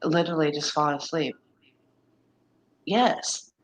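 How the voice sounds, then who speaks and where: Weary low-voiced woman in her fifties. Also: a little slow, poor audio. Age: 50s. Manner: rambling and exasperated, lots of restarts and "like"; weary, complaining of exhaustion. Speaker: woman talking with a friend about menopause. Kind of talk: casual chat.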